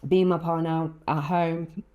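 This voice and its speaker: A woman co-hosting a casual chat podcast, with a lowish, mellow voice. She tells stories animatedly, acting out what people said, and laughs often. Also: moderate pace, lo-fi sound. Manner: animated storyteller, acts out quotes, laughs often. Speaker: podcast co-host.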